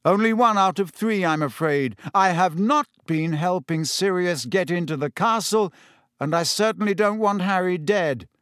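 A man reading an audiobook voices a calm, weary middle-aged male teacher who speaks in a measured, patient way. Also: high-pitched, clear, resonant tone, no room sound, studio quality, voice pushed up.

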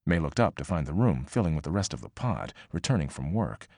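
A man reading a novel aloud as audiobook narrator, measured and expressive. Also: a bass voice, no room sound, clean studio sound. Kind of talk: scripted narration.

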